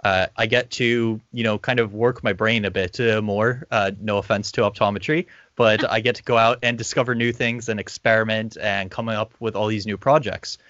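A young man, a conservation scientist, answering an interview question in a relaxed, thoughtful way with plenty of ums and uhs. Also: on the low side, normal speed, few pauses, no echo, highs cut off. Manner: relaxed, thoughtful, with many fillers.

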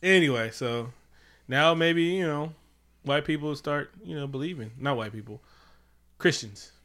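A man co-hosting a casual comedic chat at home, animated and profane, often slipping into mocking quoted voices. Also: a little high, unhurried. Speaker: podcast co-host.

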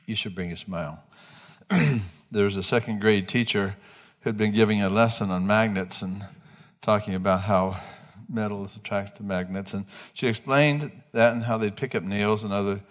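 A male pastor preaching in church with a somewhat low voice. He talks in a loose, conversational way, often restarting a phrase or asking the congregation who knows a name. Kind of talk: sermon.

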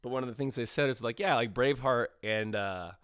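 A man co-hosting a casual movie review podcast, rambling and animated, full of fillers and the odd swear. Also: medium pitch, brisk, clear, resonant tone, no room sound, clean studio sound. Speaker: podcast co-host.

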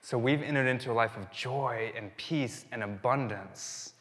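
A man's voice: mid-range voice, moderate pace. Man preaching in a reverberant church. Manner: conversational, warm-hearted storytelling with restarts. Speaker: pastor. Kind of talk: sermon. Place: church sanctuary. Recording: long hall reverb.

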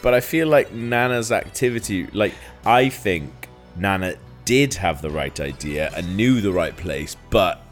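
A man chats slowly as a player in a comic tabletop game, with loose, laughing banter and casual swearing. His mid-range voice rises and falls with lively pitch, and faint music plays behind him. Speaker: podcast player.

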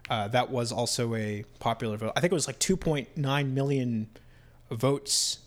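A man's voice: mid-range voice, fairly even intonation, normal speed. A man co-hosting a podcast in casual chat, rambling and swearing with many restarts. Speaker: podcast co-host.

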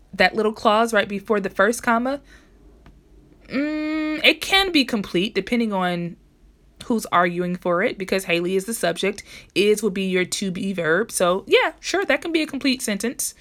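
A woman's voice: medium pitch, lively intonation, a little slow, fairly bright tone. A woman hosting a podcast episode, teaching grammar in a chatty, casual way. She corrects herself often and talks straight to her listeners.

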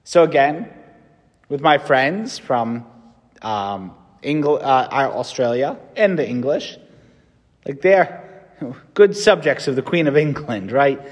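A man's voice: medium pitch, lively intonation, takes it slowly, long pauses. An American man, a Catholic priest, giving a conversational homily with fillers and restarts. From United States. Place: church. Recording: long reverb from a church.

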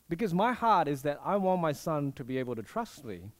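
A young man preaching a sermon, telling a personal story with animated delivery and acted-out quotes. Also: a little high, a little fast, few pauses.

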